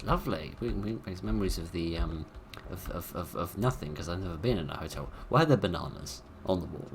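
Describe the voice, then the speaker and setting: A man's voice: sits low, lively intonation, brisk, hardly any pauses, noisy background. A British man giving casual, sarcastic commentary while playing a game, rambling from one joke to the next. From Britain. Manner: wry, sarcastic, rambling jokes. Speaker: let's-play host.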